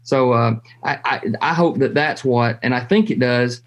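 A man, a hunting show host telling stories in a folksy way, with restarts and drawn-out pauses. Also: mid-range voice. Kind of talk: casual conversation.

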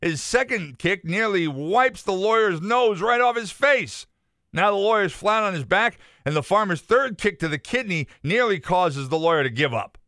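A man co-hosting a morning radio show, chatting and telling jokes in a playful, animated way, close on a studio microphone. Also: sits high, normal speed, dry recording. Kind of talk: casual radio banter and joke telling.

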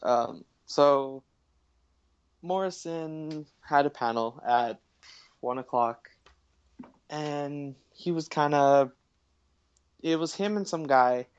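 A man's voice: fairly high pitch, slow, long pauses, smooth, no room sound, muffled recording. A young man in casual podcast chat, rambling with many fillers and frequent laughs. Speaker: podcast co-host.

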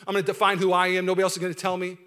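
Fast, bright-voiced energetic male pastor. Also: high-pitched, smooth. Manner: energetic, swings from loud urgent preaching to quiet intimate asides. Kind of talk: sermon.

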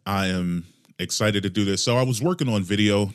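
A man's voice: on the low side, expressive, moderate pace. A man hosting his own podcast alone, talking casually in a rambling, jokey and profane way into a desk mic. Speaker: podcast host. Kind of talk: casual solo podcast monologue. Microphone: desk microphone with headphones.

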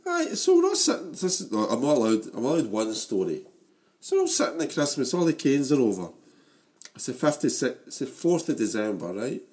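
Animated Scottish man in his forties. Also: mid-range voice, a little fast. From Scotland. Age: 40s. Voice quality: animated, laughing storyteller. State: losing his voice. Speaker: podcast co-host. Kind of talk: casual football chat.

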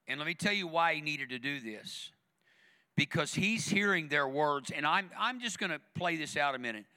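A man delivers a sermon from a church pulpit, talking with his congregation in an easy, conversational way. His voice sits fairly high for a man and rings bright and forceful. He presses each point by repeating it. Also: big-room sound. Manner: conversational, emphatic preaching with repetition. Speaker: pastor. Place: church sanctuary.

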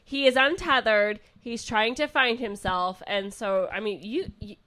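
A woman's voice: fairly high pitch, a little slow, pushed and bright. A woman co-hosting a comedy podcast, rambling through her points with restarts and laughing along. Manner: rambling, self-interrupting, laughs. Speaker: co-host. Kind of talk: casual comedy podcast banter.

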